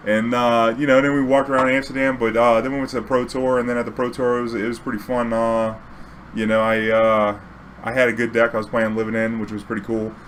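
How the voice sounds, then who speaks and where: A man's voice: mid-range voice, fairly quick, slight background noise. Laid-back slangy New man. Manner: laid-back, slangy, animated when quoting himself. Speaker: streamer telling a story. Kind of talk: casual storytelling.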